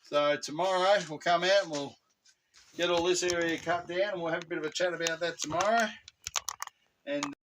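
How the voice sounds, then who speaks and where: A man's voice: a little high, moderate pace. A man with an Australian accent hosting a casual home-garden vlog outdoors, chatty and laid-back with plenty of slang. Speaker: channel host. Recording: distant mic with clear background noise.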